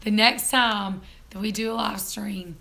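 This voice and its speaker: A hoarse woman, hosting a casual live-stream chat, chatty and quick to laugh. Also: medium pitch, steady tone, sharp tone. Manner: chatty, laughs often, teasing. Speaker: vlog host.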